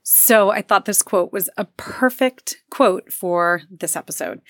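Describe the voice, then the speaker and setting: A woman hosting her own podcast, telling a story in a casual, animated way and acting out the people she quotes. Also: fairly low pitch, moderate pace, few pauses, dry recording, studio quality. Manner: animated, acts out quoted voices, laughs often. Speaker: podcast host.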